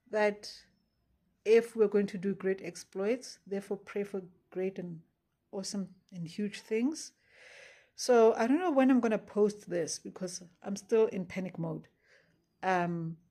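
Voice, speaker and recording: A woman's voice: mid-range voice, darkish tone. Earnest woman in a rambling faith vlog. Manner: earnest, rambling, self-interrupting. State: anxious, near panic. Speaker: faith vlogger. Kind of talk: casual diary-style vlog.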